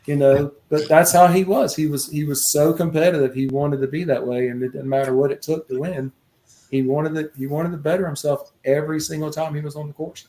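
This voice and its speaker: A man's voice: on the high side, a little fast. Laid-back man telling a story. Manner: animated anecdote teller, laughs often. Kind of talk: casual storytelling.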